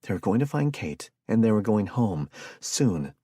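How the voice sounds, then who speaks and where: Un hombre que narra un audiolibro con lectura pausada y constante. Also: male voice, fairly low pitch, sing-song, warm tone, breathy edge, no echo, clean studio sound. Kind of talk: scripted narration.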